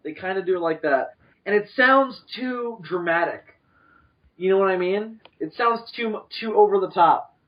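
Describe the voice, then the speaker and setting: A man co-hosting a podcast, rambling through animated opinions with lots of restarts. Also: high-pitched, normal speed. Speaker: podcast co-host. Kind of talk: casual chat. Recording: distant, dull lo-fi podcast mic.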